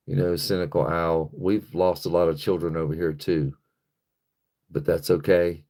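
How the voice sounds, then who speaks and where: An American man with a warm, rumbling low voice hosts a livestream, cursing and raging as he reads through the chat.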